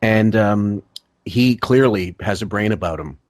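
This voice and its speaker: A man's voice: fairly low pitch, measured pace, no room sound, studio quality. A man hosting a podcast, talking casually with lots of stammering and restarts. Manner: stammering, many fillers and restarts. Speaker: podcast host.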